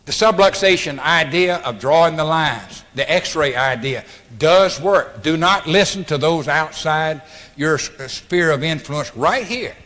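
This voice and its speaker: A man's voice: on the high side, lively intonation, measured pace, pushed and bright. Emphatic man lecturing in a reverberant hall. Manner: emphatic, preachy, blunt. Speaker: speaker at an orientation. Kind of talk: motivational lecture. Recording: archival hall recording with long reverb.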